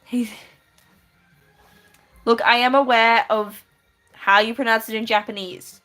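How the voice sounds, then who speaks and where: Chatty woman live-streaming her drawing, a bit higher voice, laughs easily, trips over her words. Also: fairly even intonation, unhurried, sharp tone, faint music behind. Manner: giggly, chatty, reads chat aloud and answers with many restarts. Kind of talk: casual live-stream chat while drawing.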